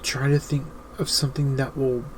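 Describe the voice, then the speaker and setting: A man hosting his own show, giving earnest, emphatic advice in a deliberate monologue. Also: mid-range voice, flat delivery, a little hiss or hum, low-quality recording. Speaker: host.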